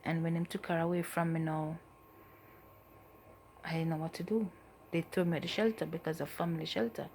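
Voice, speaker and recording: A woman giving a personal testimony as a mother, in a soft, halting, emotional way that often trails off. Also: lowish voice, steady tone, slight background noise. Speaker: mother telling her story.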